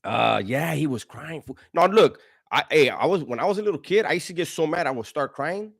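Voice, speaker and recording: A man's voice: fairly high pitch, lively intonation, brisk, creaky. A man hosting a casual livestream, reading chat messages in a slangy way, laughing often and stumbling over his words.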